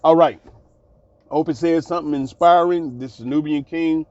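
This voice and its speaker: Man, channel host, casual storytelling, fairly high voice, dull dry recording. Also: normal speed, a little mellow, dry recording. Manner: laughing, colloquial, repeats phrases.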